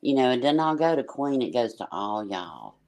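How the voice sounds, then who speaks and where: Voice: mid-range voice, big pitch swings, moderate pace, a little mellow, no room sound. A panel guest talks in a loose, rambling way, stumbling over restarts and piling up fillers. The voice sits mid-range, and the sound is dry and close with no room to it. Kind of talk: casual livestream chat.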